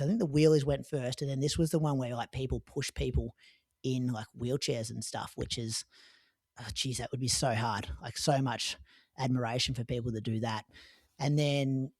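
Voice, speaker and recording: An Australian man tells a long race story in a relaxed podcast chat, leaning on fillers as he goes. His voice sits at an ordinary middle pitch. It is recorded dry, with no room sound around it. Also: dry recording. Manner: chatty storytelling with frequent "like" and "um". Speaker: podcast co-host recounting a marathon.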